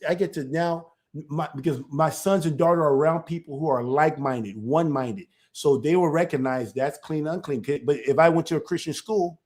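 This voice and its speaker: A man, a church elder, talking through an informal teaching in a lively way, often repeating himself and asking "right?". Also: fairly high pitch. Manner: animated, keeps checking in with "right?"; repetitive, stumbles and restarts.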